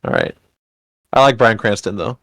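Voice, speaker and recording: A man co-hosting a podcast who chats casually and is quick to tease and joke. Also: lowish voice, wildly swooping pitch, creaky, fairly bright tone, dry recording. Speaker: podcast co-host. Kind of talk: casual chat.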